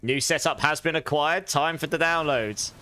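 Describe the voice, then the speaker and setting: A man's voice: fairly high pitch, normal speed, sharp tone, smooth. A man streaming a game live, chatting casually with viewers and laughing often. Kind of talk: casual live stream chat while gaming.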